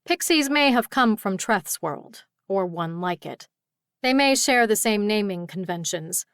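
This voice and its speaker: A woman's voice: mid-range voice, expressive, measured pace, no room sound, studio quality. Woman narrating a fantasy audiobook. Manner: tired, exasperated heroine voice in dialogue. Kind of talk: first-person audiobook narration.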